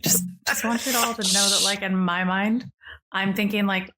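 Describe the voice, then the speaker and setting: A woman's voice: medium pitch, steady tone, normal speed, a loud crowd. A woman narrating as game master of a tabletop game, chatty and rambling with many fillers.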